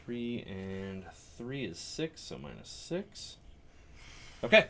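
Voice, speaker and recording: A man running a tabletop game as dungeon master, narrating combat and rolling dice in a relaxed, chuckling way. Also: medium pitch, slow, slight background noise.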